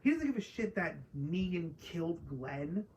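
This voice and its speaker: A woman's voice: on the low side, big pitch swings, moderate pace, darkish tone, a little hiss or hum, rough recording. A woman casually ranting through a spoiler review of a TV episode, profane and exasperated, mocking characters she dislikes. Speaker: TV show reviewer.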